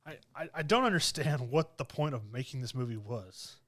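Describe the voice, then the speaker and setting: A man's voice: mid-range voice, normal speed. A young man co-hosting a podcast, retelling a movie in casual chat and laughing often. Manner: animated storytelling, laughs often. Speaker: podcast co-host.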